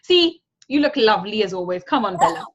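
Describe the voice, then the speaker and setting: Husky woman hosting a group video call. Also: mid-range voice, very animated, brisk, lo-fi sound. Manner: affectionate, calls people honey and darling. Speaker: manifestation coach and group host. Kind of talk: guided visualization and group video-call chat.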